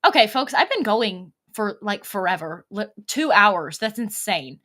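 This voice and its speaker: A woman's voice: mid-range voice, very animated, a little slow, bright, forceful tone. A woman hosting a livestream, talking in a blunt, profane, rambling way as she tells stories casually to her viewers. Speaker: livestream host.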